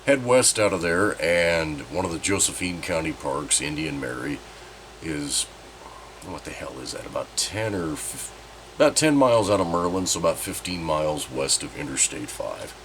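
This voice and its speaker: A man's voice: deep voice, animated, moderate pace, a bit bright, a little hiss or hum. A man hosting his own channel, giving a rambling, candid update in a congested, nasal voice while he recovers from a sinus infection. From Southern Oregon. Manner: rambling, chatty and candid, with mild swearing. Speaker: channel host. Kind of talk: casual vlog update.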